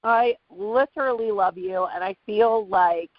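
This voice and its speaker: A woman's voice: mid-range voice, a little slow, no room sound, dull audio. A woman hosting a team call, gushing in thanks to her guest. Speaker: call host.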